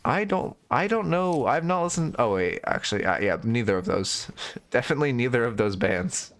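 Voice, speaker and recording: A man's voice: medium pitch, expressive, moderate pace, a bit bright. A man giving casual live-stream coaching commentary on a video game, blunt and opinionated, swearing freely.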